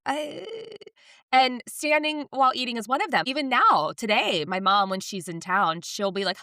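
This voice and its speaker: Woman, 30s, podcast co-host, bright, dry close sound, animated storyteller. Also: medium pitch, moderate pace, no echo. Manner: animated storytelling, acts out quotes. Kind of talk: casual podcast chat.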